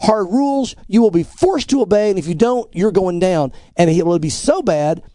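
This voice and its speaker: A man's voice: high-pitched, animated, moderate pace, warm tone, dry recording, clean studio sound. A middle-aged man, a pastor, giving emphatic, earnest commentary on news articles in a preaching style. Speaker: pastor, co-host.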